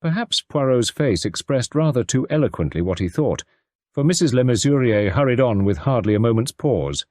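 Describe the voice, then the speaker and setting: A man narrating a classic detective story as an audiobook, measured and expressive. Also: mid-range voice, no room sound, studio quality. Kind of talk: scripted narration.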